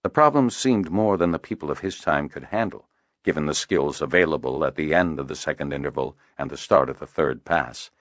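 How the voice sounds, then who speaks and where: A man narrating a fantasy audiobook in a measured storytelling manner. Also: a bass voice, no room sound, lo-fi sound. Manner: measured storytelling, varied intonation. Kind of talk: scripted narration.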